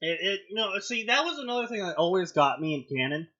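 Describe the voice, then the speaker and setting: Animated mocking man reading fanfiction aloud. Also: fairly quick, lo-fi sound. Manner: animated, mocking, acts out quoted lines with loud high outbursts. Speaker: fanfiction reading show host.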